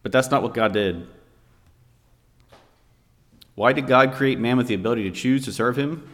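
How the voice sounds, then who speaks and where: A man's voice: mid-range voice, moderate pace, a bit bright. A man preaching a sermon, telling a family story to make his point. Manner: storytelling, vividly recounting a scene. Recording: long hall reverb.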